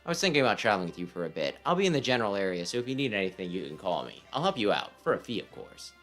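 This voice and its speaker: A man voicing a dry, aloof, businesslike male spy in a low voice while reading a game aloud. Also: very animated, rapid-fire, fairly bright tone, soft background music.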